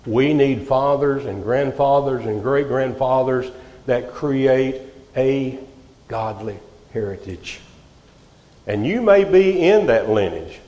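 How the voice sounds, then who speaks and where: A man preaching a sermon, swinging from loud outbursts to hushed, quiet lines. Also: medium pitch. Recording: echoey hall, reverb.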